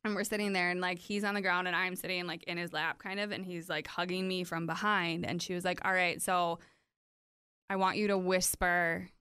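A young woman in casual chat, telling stories with many fillers and lively retellings. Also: fairly low pitch, moderate pace, clean tone, no echo, clean studio sound. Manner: chatty storyteller, lots of fillers, animated retelling. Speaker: podcast co-host.

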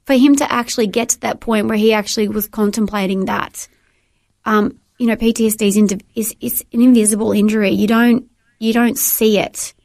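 An Australian woman in middle age recounts her testimony in a heartfelt, halting way, circling back and restarting as she speaks. Her voice carries a noticeable gravelly fry. The sound is dry and close to the mic. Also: medium pitch, steady tone, darkish tone, no room sound. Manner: earnest, emotional, halting with repeated restarts. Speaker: guest. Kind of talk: personal testimony in a faith interview.

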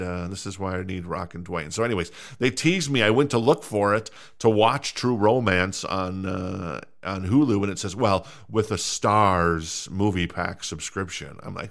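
Middle-aged male podcast host, lowish voice, casual and rambling, self-mocking. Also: gravelly, a bit bright. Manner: rambling, self-mocking, many fillers and restarts. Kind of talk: casual solo podcast chat.

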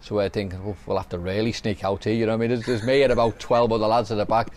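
A man's voice: on the low side, little pitch movement, rapid-fire, darkish tone, a little hiss or hum. A middle-aged man, telling anecdotes on a casual podcast and laughing as he goes. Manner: chatty, anecdotal, laughs while telling stories. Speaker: podcast host, former footballer. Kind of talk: casual storytelling chat.

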